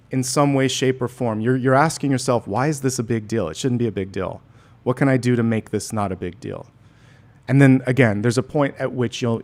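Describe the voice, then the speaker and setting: A man talks through a tarot reading in a relaxed, chatty manner, circling back and restarting his phrases. His pitch sits in a middle range for a man. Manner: gentle and conversational, with frequent restarts. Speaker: tarot reader. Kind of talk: casual spoken tarot reading.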